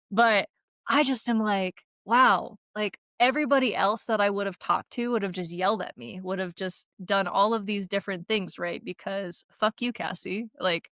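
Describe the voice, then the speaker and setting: A woman's voice: mid-range voice, moderate pace, fairly bright tone, dry recording. A woman co-hosting a podcast in casual chat, blunt and profane, telling stories emphatically with frequent laughs. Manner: emphatic, talks in run-on bursts with fillers like "like" and "right?". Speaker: podcast co-host.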